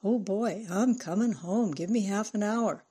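A woman's voice: mid-range voice, unhurried, dark tone, slightly rough. A woman narrator voicing a mild husband who tries to soothe and reason. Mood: placating. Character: placating husband, mild and patient.

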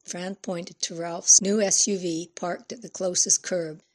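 Audiobook narrator, woman, steady and low. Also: a little slow. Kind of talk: scripted narration.

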